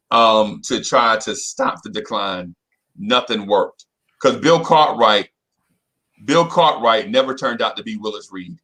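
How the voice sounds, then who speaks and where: A middle-aged man co-hosting a podcast tells a story in casual conversation, animated and repetitive, constantly dropping "you know what I'm saying." The recording is low quality, and his voice sits in the mid range.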